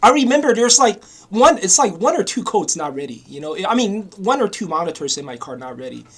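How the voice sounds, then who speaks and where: A man's voice: high voice, big pitch swings, a little fast, a bit bright, breathy edge. A man ranting angrily in a casual monologue, swearing often and repeating himself with frequent "you know?" asides. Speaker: vlogger.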